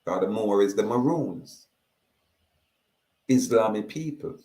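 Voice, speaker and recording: A man's voice: fairly low pitch, expressive, warm tone, echoey room, rough recording. A man with a Jamaican accent giving an emphatic monologue, drawing out his words as he declaims. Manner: slow, drawn-out, declaiming. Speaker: speaker.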